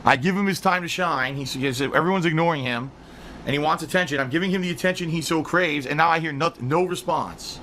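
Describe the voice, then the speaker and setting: A man's voice: fairly high pitch, a little fast, a little hiss or hum. A man livestreaming and talking straight to his viewers in a heated, profane rant. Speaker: live streamer. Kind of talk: ranting stream commentary. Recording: loud music playing over the voice.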